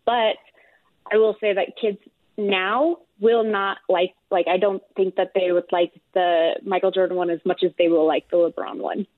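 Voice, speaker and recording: A woman's voice: on the low side, steady tone, normal speed, no echo. A woman, mother of a three-year-old, chatting casually on a podcast panel, hesitant and full of fillers. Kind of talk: casual chat. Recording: tinny phone-like line, dry.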